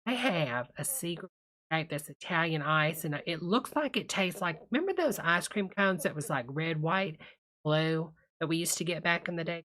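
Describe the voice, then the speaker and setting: A woman hosting as a gushing church lady on a live stream, a little tipsy from her drink, sweet-talking every viewer as honey. Her voice sits fairly low for a woman but comes across bright and forceful, with a drawl that is warm to the ear, all chatter and asides. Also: lively intonation, moderate pace. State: tipsy from a cocktail. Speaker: livestream host reading chat.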